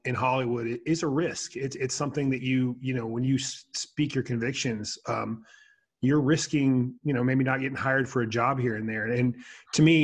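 A man co-hosting an interview, asking a thoughtful, measured question. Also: medium pitch, husky. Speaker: interview co-host.

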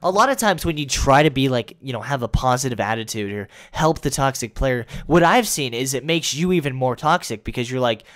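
A young man giving crude, sarcastic comedic commentary as a YouTuber, often breaking into loud mock voices. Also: medium pitch, lively intonation, fairly quick, hardly any pauses.

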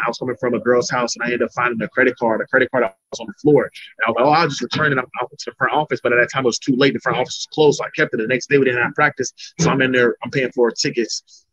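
A man's voice: medium pitch, little pitch movement, very fast, a bit bright, no room sound. A young man from Florida, an MMA fighter telling his story in a rambling, casual interview. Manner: rambling, restarts sentences often. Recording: dull lo-fi recording.

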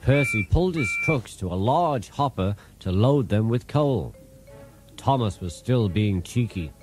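A man narrating a children's storybook in an expressive, animated way, with music behind. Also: on the low side, a little slow.

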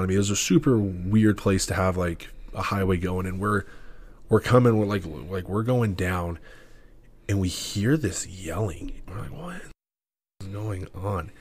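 A young man, a podcast guest, telling a story in quick, animated casual talk, full of "like". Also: sits low. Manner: fast, animated, lots of filler "like".

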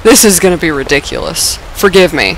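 A woman commenting on her gameplay, her voice lowered and rough from being sick with a dry cough; excitable, swearing and laughing at herself. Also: fairly quick, a little hiss or hum, poor audio. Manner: excitable, swears and laughs often, self-mocking. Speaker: let's play gamer.

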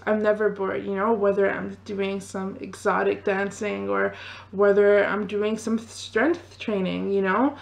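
A woman's voice: medium pitch, vocal fry. A woman in her twenties chatting casually to camera as a fitness vlogger, rambling loosely with lots of fillers. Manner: rambling, loose, full of "you know" and "like". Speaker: fitness vlogger and pole dancer.

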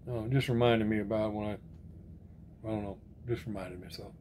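With a fairly low, steady, darkish voice and a brisk delivery, a diecast collector chats through viewer comments. He reads each name, replies in a laid-back, rambling manner, and keeps repeating friendly send-offs like "right on, brother." His arm and shoulder are sore.

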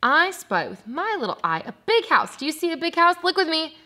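A woman teaching a preschool Bible lesson, speaking to little children in an animated, sing-song way. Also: high voice, a little fast.

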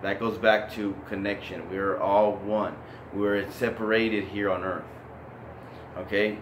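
A man's voice: lowish voice, little pitch movement, measured pace, roomy sound, noisy background. A man giving an informal, earnest talk on scripture, rambling with many restarts and emotional, close to tears. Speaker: online religious talk host.

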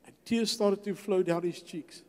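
An older man tells his testimony in a church hall and acts out every exchange as he goes. His voice sits a touch high for a man but sounds mellow and unforced. A long reverb trails behind each phrase. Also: steady tone, moderate pace. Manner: storytelling, acts out dialogue. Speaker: guest speaker. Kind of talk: testimony sermon.

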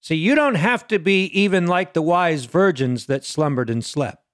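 A man preaching a sermon, swinging between loud peaks and quiet low lines and asking the listeners question after question. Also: animated, moderate pace, no room sound, clean studio sound.

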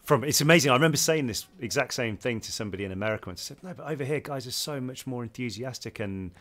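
A man's voice: medium pitch, lively intonation, rapid-fire, fairly bright tone. A man from England co-hosting a podcast, chatting casually and rambling through stories with many restarts. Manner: rambling, restarts sentences, laughs while telling stories. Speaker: podcast co-host. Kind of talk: casual interview chat.

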